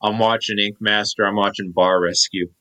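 Podcast co-host, man in his 30s, lowish bright voice, meandering casual chatter. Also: little pitch movement, normal speed, low-quality recording. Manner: rambling, many fillers and restarts. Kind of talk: casual chat.

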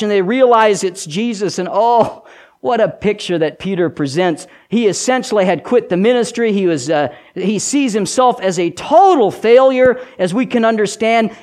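A man preaching a sermon as pastor, animated and dramatic, acting out quoted voices. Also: high voice.

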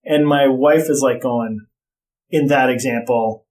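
A man's voice: mid-range voice, measured pace, a little mellow. A middle-aged man in casual chat, telling blunt, profane stories about parenting.

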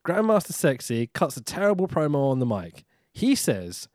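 Sweary, laughing man, lively pitch. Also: moderate pace, no room sound, studio quality. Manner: sweary, laughing, sarcastic recap. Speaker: podcast co-host. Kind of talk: casual chat.

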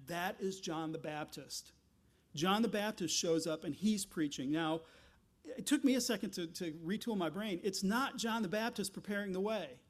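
Male pastor, high-pitched, animated sermon delivery with questions and asides.

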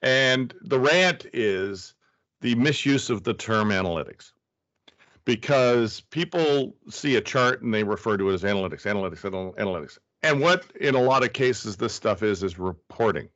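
A man's voice: medium pitch, animated, moderate pace, fairly bright tone. Man explaining things in a dull lo-fi recording. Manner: explanatory, circles back with restarts. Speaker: guest. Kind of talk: casual conversational interview.

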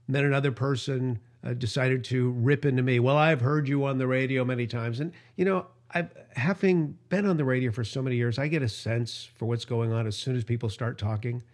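Hosting a radio show and podcast, a man delivers an emotional monologue at a brisk clip with hardly any pauses, in a darkish voice whose intonation stays fairly even. When outraged, his pitch climbs higher, and he sometimes stumbles over his words.

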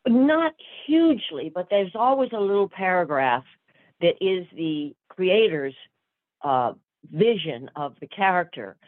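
An older woman, an actress guest, telling chatty stories in a lively way with many fillers. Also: lowish voice, unhurried, dry recording. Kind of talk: storytelling interview answers. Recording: tinny phone-like line.

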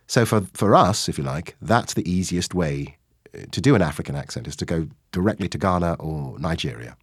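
A man, an actor, answering interview questions with animated stories, acting out quoted lines as he goes. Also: deep voice, fairly quick, husky, dry recording, studio quality.

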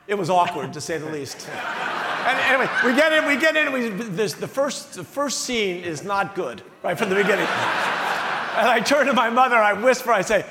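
A man in his sixties from the Philadelphia area, a guest speaker telling a story on stage, animated and self-mocking, laughing as he talks. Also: sits high, normal speed, heavy background noise. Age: 60s. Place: large banquet hall. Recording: echoey hall with long reverb.

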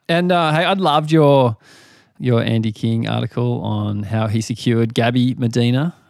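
Aussie host, laid-back questioner, mid-pitched voice, dry close sound. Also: male voice, gravelly, a little mellow, no room sound. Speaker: podcast host. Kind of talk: casual interview.

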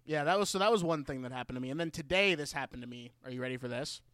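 A man's voice: medium pitch, very fast, a bit bright, clear, resonant tone, no echo, clean studio sound. A man co-hosting a podcast, telling a rambling, profane story with lots of "like" and fillers. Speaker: podcast co-host. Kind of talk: casual chat. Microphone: podcast mic.

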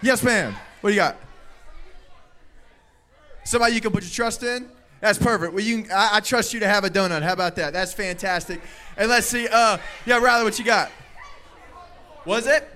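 A man leading a lively youth sermon on a handheld microphone, playful and energetic, often calling out loudly to the crowd. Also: high voice. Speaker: youth pastor.

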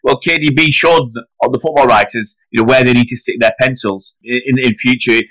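A man's voice: brisk, no room sound, low-quality recording. Heated man in podcast chat. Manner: animated, argumentative, rising pitch when heated. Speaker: podcast co-host. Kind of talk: casual football podcast chat.

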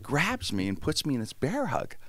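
A man from Pittsburgh chatting casually and telling stories, animated and swearing freely. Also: fairly high pitch, moderate pace. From Pittsburgh, USA. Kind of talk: casual chat, storytelling.

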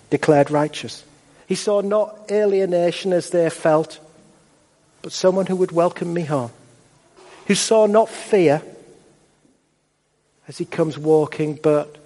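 A male pastor preaching a sermon in a measured, emphatic style with rhetorical repetition. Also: on the high side, darkish tone. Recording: long hall reverb.

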